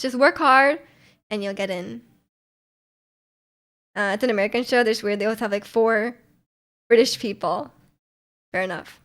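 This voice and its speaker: A woman's voice: fairly high pitch, animated, a little fast, long pauses, fairly bright tone. A young woman livestreamer in casual chat, rambling and laughing often as she answers her chat.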